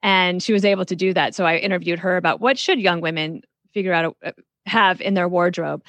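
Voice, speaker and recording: A woman's voice: on the low side, fairly quick, fairly bright tone, dry recording, muffled recording. A woman guest on a podcast interview, frankly giving career advice and telling stories from her work. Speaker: guest author.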